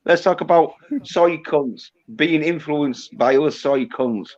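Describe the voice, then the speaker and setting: A man's voice: fairly high pitch, unhurried, darkish tone. A man hosting a casual livestream, trading crude, profane banter with his guests. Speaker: livestream host. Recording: dull lo-fi sound.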